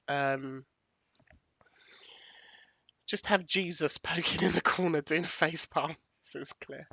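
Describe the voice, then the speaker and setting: A woman's voice: low voice, steady tone, slow, vocal fry, long pauses, a bit bright, no room sound. A woman hosting a casual livestream, chatting to viewers and thinking aloud as she sets up a presentation. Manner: chatty, thanks viewers, thinks aloud while picking graphics. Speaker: livestream host.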